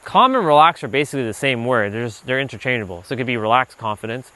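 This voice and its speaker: A man hosting a livestream while out on a walk, talking loosely and casually, filling his talk with "like" and now and then letting a swear slip when he gets animated. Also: medium pitch, fast. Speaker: livestream host, self-improvement speaker. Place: outdoors on a walk. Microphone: handheld gimbal rig.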